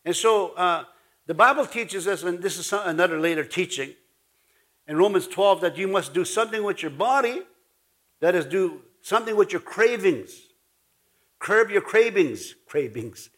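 Speaking at normal speed in a voice that sits high and a bit bright, a man delivers a folksy sermon in Ojibwe-influenced Canadian English. The pastor trades jokes with his congregation and invites them to respond.

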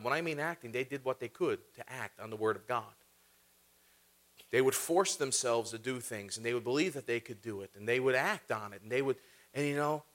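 A young man preaching a sermon, telling healing stories in a lively, animated way and acting out his own reactions. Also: mid-range voice.

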